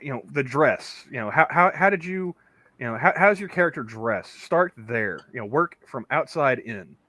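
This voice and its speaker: A man's voice: medium pitch, expressive, moderate pace, pushed and bright, no room sound. A man co-hosting a casual online chat show, talking in a rambling way full of "you know" fillers and restarts. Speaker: podcast co-host.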